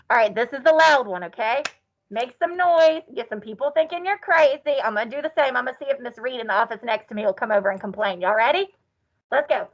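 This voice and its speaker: A woman's voice: on the high side, expressive, fairly quick. A woman teaching an online class in a playful, sing-song way with cowgirl cheers. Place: classroom or office. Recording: dull lo-fi sound.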